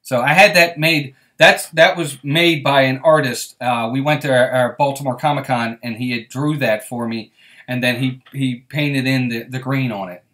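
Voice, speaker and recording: A man's voice: mid-range voice, steady tone, moderate pace, pushed and bright. A man hosting a casual live stream, chatting and greeting viewers by name as he reads their comments. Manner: friendly, reassuring tone with viewers.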